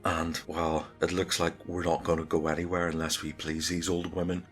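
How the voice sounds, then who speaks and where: A man narrates his solo tabletop game in a relaxed, chatty way. His voice is very low, and soft music plays faintly behind him. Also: moderate pace. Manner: relaxed, conversational storytelling.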